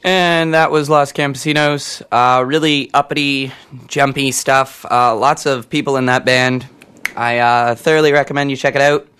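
A young man hosting a college radio show, chatting casually between tracks. He rambles, pokes fun at himself and fills his pauses with lots of ums. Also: mid-range voice, fairly even intonation, a bit bright, clean tone. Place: radio studio.

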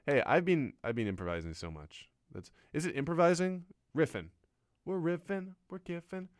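A man's voice: a little high, moderate pace, no room sound. A man riffs on air in a studio, rambling through jokes at his own expense. His voice swings widely up and down as he goes. The sound is dry and close to the mic. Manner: rambling, self-mocking, animated. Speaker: comedian on a radio show. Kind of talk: casual riffing monologue. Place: radio studio.

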